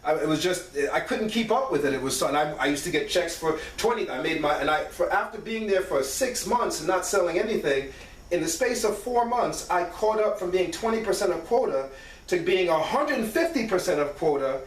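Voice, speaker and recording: A man hosting a show, telling stories from his career in a casual, animated way and acting out what others said, with a frequent "right?". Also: high voice, a little fast, a little hiss or hum. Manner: animated, acts out quoted voices, frequent "right?". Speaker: podcast host. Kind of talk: casual storytelling monologue. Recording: roomy echo, distant from mic.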